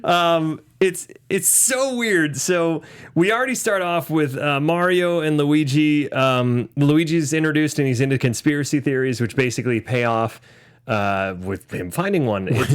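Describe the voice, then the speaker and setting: A man in his thirties co-hosting a casual movie podcast, laughing often and slipping into joke voices. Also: on the high side. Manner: lively, laughs often, slips into mock voices. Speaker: podcast co-host.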